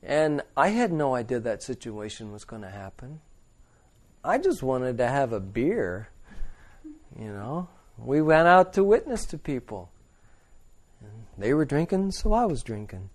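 A man's voice: medium pitch, very animated, measured pace, pauses often, a little mellow. A man preaching in a casual way, telling a long rambling anecdote with frequent chuckles and blunt asides. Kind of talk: informal storytelling sermon.

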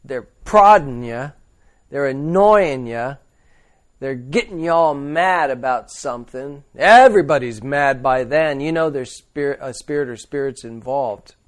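In a mid-range voice with lively intonation and a measured pace, a man preaches casually. His informal storytelling sermon is a long, rambling anecdote full of chuckles and blunt asides.

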